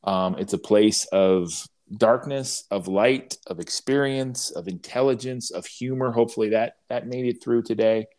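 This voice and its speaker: A man at a middle pitch tells a barnyard parable with a wry, dry humor. He speaks haltingly, restarting his sentences as he goes, in the easy manner of a podcast co-host. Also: fairly even intonation, darkish tone. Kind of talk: casual conversation and storytelling.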